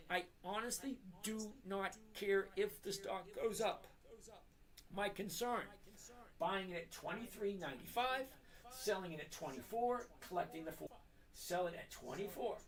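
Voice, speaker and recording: A middle-aged man hosting a trading live stream, talking bluntly to his chat and repeating his points slowly for emphasis. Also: high voice, a bit bright.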